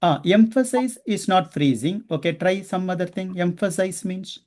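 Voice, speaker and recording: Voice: mid-range voice, moderate pace, a little mellow. Instructor, asks the class questions. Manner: explains step by step, often asking the class questions. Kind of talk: classroom teaching.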